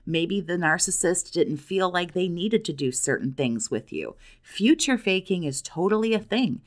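A woman's voice: lowish voice, lively intonation, moderate pace. A woman speaking as a coach to abuse survivors in a direct monologue, blunt and profane, firing challenging questions at the viewer.

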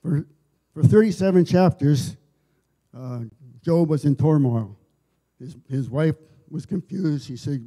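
Dark-voiced man preaching haltingly. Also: fairly high pitch. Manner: halting, repeats and restarts words, conversational storytelling. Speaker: lay preacher. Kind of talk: informal sermon. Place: church service.

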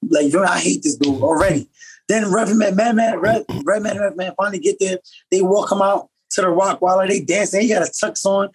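A man from upstate New York, a professional boxer, telling stories as a podcast guest in a casual, slangy, animated way. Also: high-pitched, breathy edge, poor audio. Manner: fast, slangy, animated storytelling. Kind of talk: casual storytelling.

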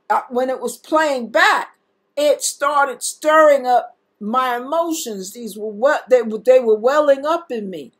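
A woman preacher, telling a personal testimony in an earnest, emotional sermon. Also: high voice. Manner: emotional, tearful at times, earnest. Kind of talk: sermon-style teaching and testimony.

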